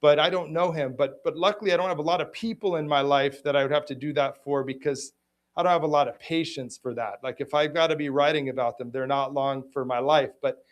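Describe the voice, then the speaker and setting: A middle-aged man hosting a personal conversation, speaking haltingly with many restarts. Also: fairly high pitch. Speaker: host.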